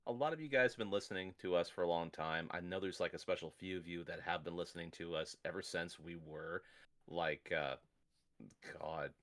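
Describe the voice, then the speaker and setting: Laid-back man with a very low voice. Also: fairly quick, a bit bright. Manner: laid-back, short agreeing interjections. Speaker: podcast co-host. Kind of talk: casual chat.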